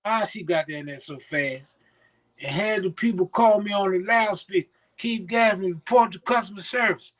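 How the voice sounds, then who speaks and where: A man's voice: high-pitched, normal speed. An older man telling stories as an interview guest, acting out the voices of the people he quotes. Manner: animated, acts out quoted voices. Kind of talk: storytelling in casual conversation.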